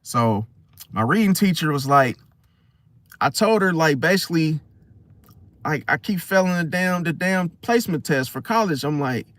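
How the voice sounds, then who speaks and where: Animated young man telling a story. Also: a little high, moderate pace, long pauses, no room sound. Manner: animated storytelling, slangy, swings loud and soft. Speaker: host. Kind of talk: casual talk to camera.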